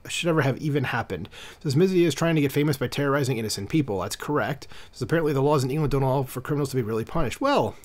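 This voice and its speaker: A man hosting a commentary channel, reading an article aloud and breaking in with casual, irritated asides full of fillers. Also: mid-range voice. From United States.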